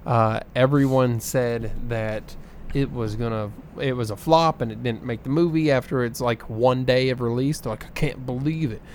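A man's voice: medium pitch, steady tone, moderate pace, darkish tone, slight background noise. Casual man reading off box office numbers. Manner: reads figures with filler ums and uhs. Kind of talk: casual chat.

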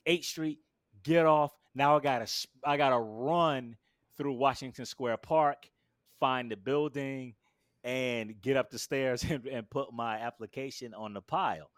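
A guest in a relaxed interview, this man tells a story in a lively, expressive, unhurried way, acting out quotes with sudden leaps in pitch and loudness. The sound is dry and close, with no echo or room around it.

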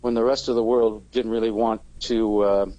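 Low-voiced man, dry close sound. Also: level tone, normal speed, dark tone, dry recording, dull audio. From Canada. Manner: rambling, with many fillers and restarts. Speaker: touring band singer, interview guest. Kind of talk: casual interview chat.

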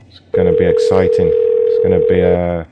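A man hosting a prank call show, deadpan and mocking in casual chat. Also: low voice, normal speed, dull audio, loud music behind the voice.

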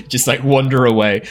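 A man's voice: sits low, a bit bright. A man narrating as game master in a tabletop game, casual, with many fillers and some laughs. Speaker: dungeon master.

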